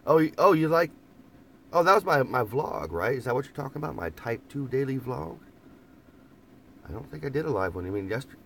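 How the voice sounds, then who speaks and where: Chatting live to viewers from a parked camper van, this relaxed man rambles, repeats himself, and laughs often over a light background hum. His mid-range voice is expressive, brisk, creaky, and fairly bright, with frequent pauses.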